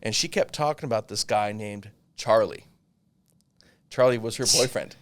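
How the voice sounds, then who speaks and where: A man in his thirties telling a long personal story in casual chat, animated and swearing freely. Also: fairly low pitch, moderate pace. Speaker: podcast co-host.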